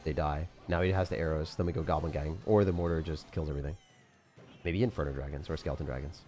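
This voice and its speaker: A man's voice: a bass voice, steady tone, fast, darkish tone, soft background music. A young man giving loose, jokey live commentary on his gameplay as a streamer, full of slang and sudden outbursts. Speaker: gaming streamer.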